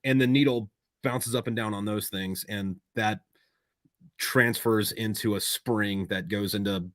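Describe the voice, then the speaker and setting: A man's voice: on the low side, steady tone, a little slow, fairly bright tone, no echo, studio quality. A man hosting a podcast in casual chat, swearing freely and explaining things at length. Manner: loose and profane, explains at length. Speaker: podcast host.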